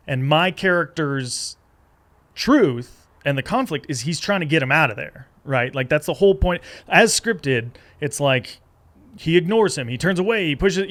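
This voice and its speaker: This is a middle-aged man in casual conversation, his voice sitting a little higher than most men's. He tells stories with energy and keeps breaking into short impressions of the people in them. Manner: animated storytelling, jumps into high-pitched character voices. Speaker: guest, comedic actor. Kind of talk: casual chat.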